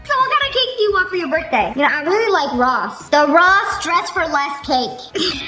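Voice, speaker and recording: Bubbly high-voiced young woman vlogger. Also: normal speed. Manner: chatty and animated, slangy with frequent "like" and "bro". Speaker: video reaction host. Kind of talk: casual reaction commentary. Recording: echoey room with faint music.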